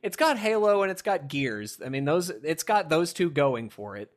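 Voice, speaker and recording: A young man hosting a casual podcast, animated and laughing, with lots of fillers. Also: a little high, normal speed. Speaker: podcast host. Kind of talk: casual chat.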